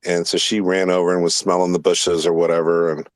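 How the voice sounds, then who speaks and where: A man's voice: deep voice, little pitch movement, brisk. A man hosting a casual talk show, telling a rambling story full of swearing and emphatic asides. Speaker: podcast host.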